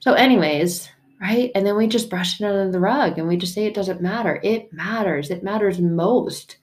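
A woman's voice: mid-range voice, normal speed. A woman hosting a faith podcast, talking frankly and from the heart, swearing casually in a conversational way. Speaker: podcast host. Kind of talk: candid faith podcast talk.

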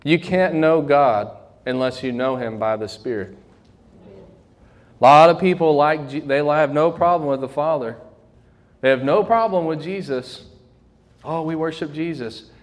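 A young adult man preaching with fervor to a congregation, his voice sitting a little high for a man. He slows right down to drive home the key lines, then picks the pace back up. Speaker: pastor. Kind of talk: sermon.

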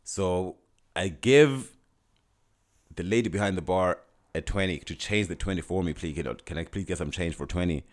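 A young man with a very low, deep voice tells a personal story in a loose, casual way. He talks in an animated rush, restarting sentences and acting out what people said. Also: normal speed. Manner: animated, frequent restarts and quoted dialogue.

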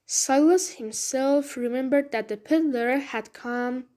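A woman reading a storybook aloud in a slow, clear narration. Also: high voice, dark tone.

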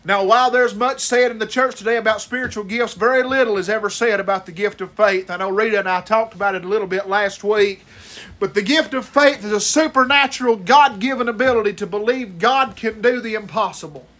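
A man preaching an impassioned sermon, stretching key words and rising to shouts at the high points. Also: brisk.

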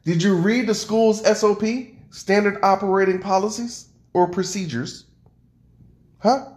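A man co-hosting a casual home podcast, arguing loudly and with lots of energy. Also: high voice, measured pace, roomy sound. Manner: argumentative, loud and animated. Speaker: podcast co-host. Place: home room with noisy neighbors upstairs.

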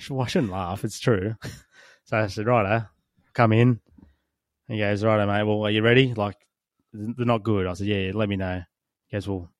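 A man's voice: lowish voice, dry recording, clean studio sound. A young Australian man hosting a podcast, chatting casually, laughing often and swearing constantly. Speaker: podcast host. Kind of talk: casual banter.

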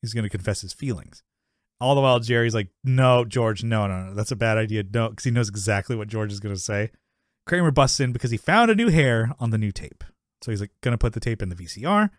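In a casual podcast chat, a male co-host rambles through a recap of a sitcom episode, laughing often and acting out the characters' lines. His mid-range voice is expressive and quick, recorded with studio quality and no room sound.

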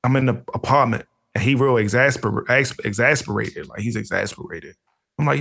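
Man, podcast co-host, casual slang, animated storytelling, acts out friends' voices. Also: medium pitch, fairly quick, vocal fry, slightly rough. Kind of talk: casual chat.

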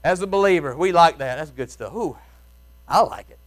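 A man with a Mississippi accent preaching a sermon in folksy Southern speech, shouting some phrases and dropping to a hush on others. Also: on the high side, lively intonation, moderate pace. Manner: swings from shouting to hushed, soft tones; folksy Southern grammar, chuckles while preaching. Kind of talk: revival sermon. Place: church.

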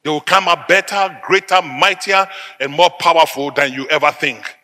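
Male preacher from Africa, middle-aged; tense, sharp and forceful delivery; emphatic repetition; large reverberant hall. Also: on the high side, moderate pace. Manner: emphatic, repetitive declarations, sudden loud bursts. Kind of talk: sermon.

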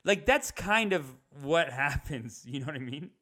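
A young man riffing in a comedic rant, animated, slipping into higher mocking impressions. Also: unhurried.

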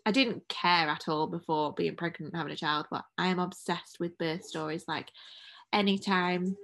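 A woman's voice: fairly low pitch, fairly even intonation, fairly bright tone. Woman, podcast co-host, recording at home; rambling, laughing, casual chat. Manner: chatty, rambling, quick to laugh.

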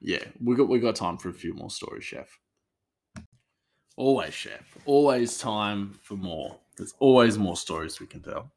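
A man's voice: lowish voice, lively intonation, measured pace, a little mellow. A man, a chef, telling work stories in a rambling casual way with many fillers and restarts. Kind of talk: casual storytelling.

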